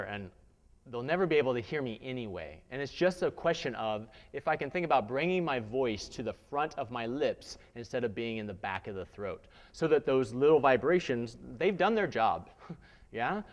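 A man's voice: mid-range voice, long reverb tail. A man, a theatre instructor, leading a live voice workshop, coaching listeners through exercises. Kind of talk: live workshop lecture with vocal demonstrations.

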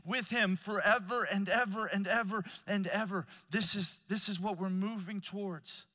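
A middle-aged man preaching a sermon at a conference, telling stories with a lot of energy and swinging between loud and soft. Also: high-pitched, steady tone, moderate pace. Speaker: conference speaker. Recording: long hall reverb.

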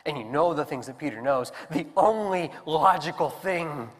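A man preaching a sermon as pastor, telling the story with animated voices for the characters. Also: on the high side, normal speed. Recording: long hall reverb.

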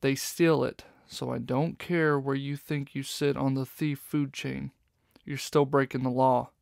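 A man's voice: medium pitch, level tone, a little slow, vocal fry, darkish tone, no echo, clean studio sound. A man voicing a tough female fox police inspector in a storybook, with stern, snapping retorts. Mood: angry.

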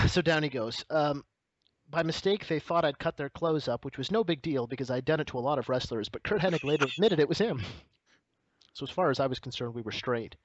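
A man's voice: a little high, brisk, dry recording. A man co-hosting a casual podcast, reading a book aloud with comic asides. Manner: reads with comic asides and laughter. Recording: dull, slightly lo-fi dry audio.

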